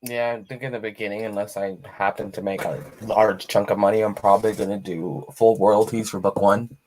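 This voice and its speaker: A man's voice: fairly low pitch, fairly even intonation, a little fast, a little mellow, slight background noise. A man, an author, in casual conversation, laughing often as he talks. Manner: laughs often between remarks. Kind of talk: casual chat.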